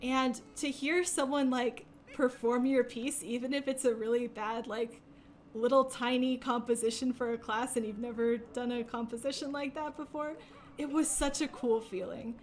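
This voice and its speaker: Casting: young adult woman, high voice, rambling streamer chat full of laughs. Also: steady tone, normal speed, slight background noise. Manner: chatty and rambling, laughs often, many fillers. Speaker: speedrunner streaming a game. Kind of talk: casual chat while playing.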